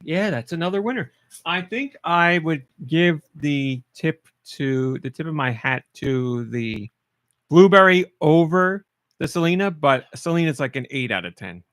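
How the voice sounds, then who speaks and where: A man's voice: fairly high pitch, lively intonation, unhurried, fairly bright tone, no room sound. A man hosting a casual podcast, joking and reading out chat comments as he taste-tests snacks. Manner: playful, reads chat comments aloud while eating. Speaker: podcast host.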